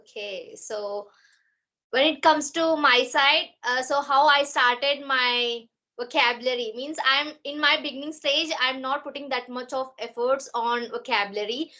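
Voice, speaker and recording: A woman's voice: high voice, bright, forceful tone. A woman, hosting a podcast interview, polite and respectful, with hesitant restarts. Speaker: podcast host.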